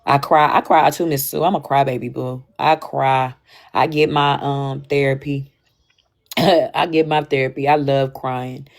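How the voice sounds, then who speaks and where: A young woman talking candidly and casually to her stream audience, animated and slangy, swinging between loud bursts and quiet asides. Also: rumbling low, a little slow, gravelly. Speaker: livestream host. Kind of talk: casual chat.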